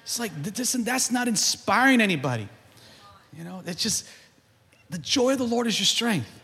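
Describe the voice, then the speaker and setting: A man delivers a sermon in a high, swooping voice that climbs to shouts. His tone is bright and sharp. A long church-hall reverb trails behind him. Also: normal speed, gravelly. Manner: animated preaching, building to shouts. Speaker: pastor.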